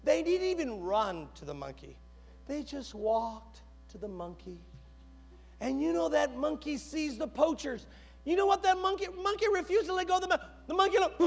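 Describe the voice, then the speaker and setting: Male preacher, high bright voice, big swings in pitch, storytelling with dramatic pauses, long hall echo. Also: big pitch swings, vocal fry. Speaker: pastor. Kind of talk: sermon. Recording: long echoey hall reverb.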